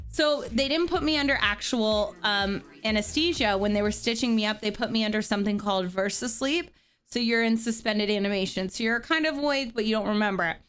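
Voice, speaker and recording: A woman in her thirties from Pennsylvania telling a personal story in a casual, animated way, using "like" constantly. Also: on the high side. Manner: animated, filler-heavy with frequent "like".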